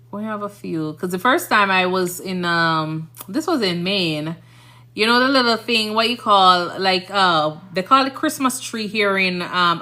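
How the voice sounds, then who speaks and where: Chatty Jamaican woman, bright voice. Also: medium pitch. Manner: chatty, rambling, frequent "you understand?". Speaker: nurse streamer. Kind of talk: casual live-stream chat.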